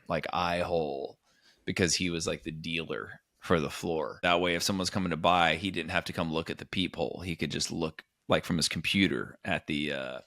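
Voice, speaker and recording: A man in his forties co-hosting a comedy podcast, telling stories in an animated way. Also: low-pitched, dry recording, clean studio sound. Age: 40s. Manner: animated storyteller, jumps into voices. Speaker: podcast co-host. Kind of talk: casual comedy chat.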